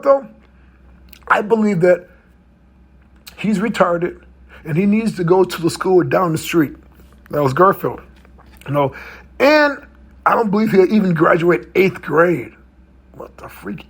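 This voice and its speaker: A middle-aged mental health coach tells a personal story in a high, creaky, husky voice. His storytelling talk is loose and conversational, full of tag questions.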